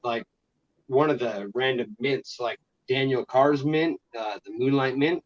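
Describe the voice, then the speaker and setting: A man's voice: mid-range voice, a little slow, lo-fi sound. A man chatting casually as a guest, swearing freely. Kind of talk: casual call-in chat.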